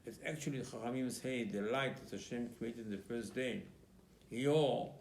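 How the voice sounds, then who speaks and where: A rabbi with a gravelly, creaky voice gives an emphatic sermon, now and then slipping into the voices of the figures in his story. His words ring around a roomy, echoing space. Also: medium pitch, moderate pace, a little mellow, a little hiss or hum. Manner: emphatic storytelling, acting out dialogue between biblical figures. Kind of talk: Purim sermon. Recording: echoey room.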